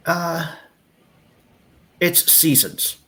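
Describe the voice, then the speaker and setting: A man's voice: fairly high pitch, drawn-out words, bright, forceful tone. A Canadian man hosting a riddle game on a stream, teasing and playful, with lots of fillers. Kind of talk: casual chat.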